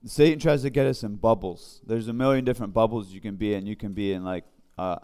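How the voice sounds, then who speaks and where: A man leading an informal Bible study, talking in a conversational, halting way with many fillers and restarts. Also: lowish voice, darkish tone, smooth. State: briefly emotional. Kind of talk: informal devotional teaching.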